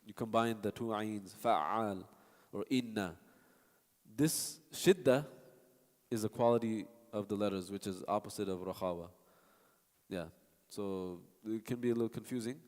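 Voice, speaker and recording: A man's voice: lowish voice, normal speed, darkish tone. A man teaching a recitation class, explaining patiently and stopping to demonstrate sounds and answer students. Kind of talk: classroom teaching with spoken examples. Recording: long hall reverb.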